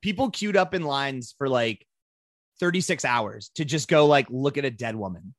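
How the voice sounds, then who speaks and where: A man co-hosting a podcast in casual, rambling chat, animated and swearing freely. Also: mid-range voice, normal speed, no room sound, clean studio sound. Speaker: podcast co-host.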